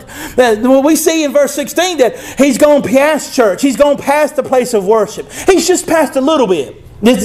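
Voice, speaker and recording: A man's voice: extremely high pitch, a little mellow. A male preacher, delivering a conversational sermon and reading scripture aloud.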